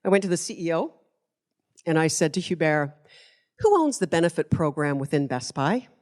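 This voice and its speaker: A woman's voice: low-pitched, animated, normal speed, long pauses, darkish tone. A middle-aged woman, giving a conference keynote speech and telling stories in a passionate, emphatic way. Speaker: keynote speaker.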